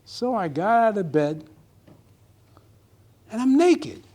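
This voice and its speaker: A man's voice: high voice, very animated, slow pace, mellow. A man giving a humorous speech at a club meeting, telling a comic story to a live audience. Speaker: club speaker.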